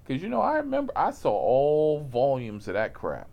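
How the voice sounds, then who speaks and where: A man's voice: medium pitch, huge pitch swings, moderate pace, gravelly, darkish tone. A man telling a profane, comic story about his rideshare job in a casual voice, laughing at himself as he goes.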